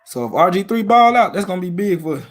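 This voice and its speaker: A man's voice: high-pitched, very animated, fast. A man from Memphis with a Southern accent, hosting a casual live stream about football in a laid-back, slangy way. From Memphis, Tennessee.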